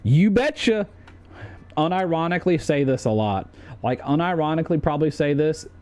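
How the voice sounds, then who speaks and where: A man's voice: on the high side, lively intonation, fast, a little mellow, clean tone. A young man streaming, chatting casually in a jokey, profane way.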